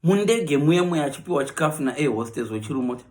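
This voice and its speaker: Animated Zimbabwean man, comic monologue. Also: fairly high pitch, quick pace. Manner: animated, mixes Shona with English, acts out quoted voices. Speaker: comedian.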